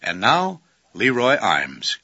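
A man's voice: fairly low pitch, huge pitch swings, slow pace, sharp tone, husky, no echo. A man announcing a religious radio program in a polished, promotional way. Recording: dry, dull lo-fi radio broadcast.

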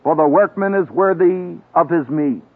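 A man preaching in a dramatic, emphatic style with a fairly high voice. He swoops up and down in pitch and leans on long pauses. The sound is thin and tinny, like an old radio broadcast. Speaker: preacher and professor addressing graduates. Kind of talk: sermon.

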